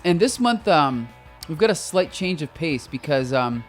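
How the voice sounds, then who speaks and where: A man co-hosting a comic book podcast in casual chat, talking with a lozenge in his mouth and getting animated as he retells scenes. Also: a little high, normal speed, soft background music. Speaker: podcast co-host.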